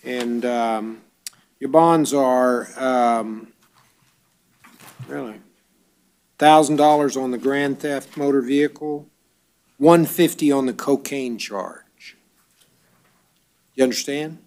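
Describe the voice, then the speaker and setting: A man's voice: mid-range voice, slow pace, pauses often, darkish tone. A man serving as a judge at a bond hearing, reading out charges and amounts in a matter-of-fact way with hesitant fillers.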